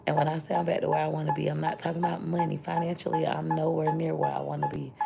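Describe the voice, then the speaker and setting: A woman chats candidly with her livestream viewers in a deep, heavily gravelly voice. She rambles from thought to thought and stops to thank them. Loud music plays behind her. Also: level tone, fast. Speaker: content creator and mother. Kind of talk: casual livestream chat with viewers.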